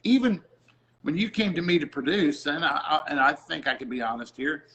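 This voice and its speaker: A man's voice: fairly high pitch, fairly quick, bright, forceful tone, lo-fi sound. Man producer telling a story. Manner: storytelling, acts out quoted voices. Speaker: music producer. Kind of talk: casual faith talk.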